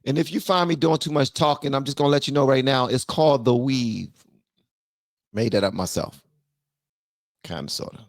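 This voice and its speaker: A man from Washington, D.C. hosting a casual political commentary channel, animated, slangy and joking. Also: medium pitch, normal speed, long pauses, dry recording, clean studio sound.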